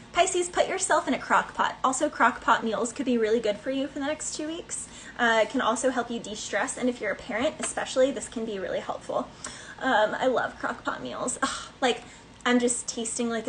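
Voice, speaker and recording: A woman's voice: a little high, fairly bright tone, a little hiss or hum, rough recording. A woman giving a casual tarot reading in a chatty, playful way, laughing between thoughts. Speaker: tarot reader.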